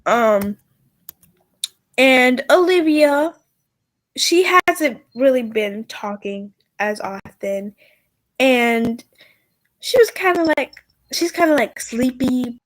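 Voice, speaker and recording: A woman narrating as game master of a tabletop role-playing game, halting and full of fillers. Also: sits high, animated, no echo, rough recording.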